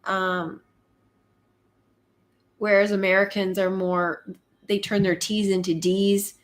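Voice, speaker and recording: Canadian woman, live-stream host, casual chat, slow delivery, mid pitch, lots of ums. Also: level tone. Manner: unhurried and conversational, with frequent ums and light laughs.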